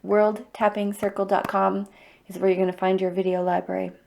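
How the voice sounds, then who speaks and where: A woman's voice: mid-range voice, level tone, brisk, creaky, darkish tone, slight background noise. A middle-aged woman hosting a livestreamed EFT tapping circle, speaking in a heartfelt, openly emotional and encouraging way. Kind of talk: livestream guided tapping talk.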